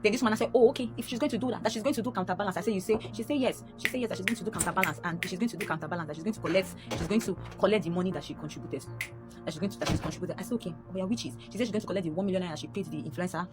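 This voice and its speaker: Fast-talking Nigerian woman, music under. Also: mid-range voice. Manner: animated, rising sharply when upset, repeating lines. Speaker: storyteller. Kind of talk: emotional personal storytelling.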